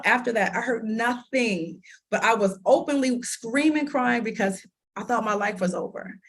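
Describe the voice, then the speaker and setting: Animated woman telling her story. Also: medium pitch, normal speed, slightly rough. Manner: animated, laughs often, acts out quoted dialogue. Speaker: interview guest. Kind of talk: conversational interview storytelling.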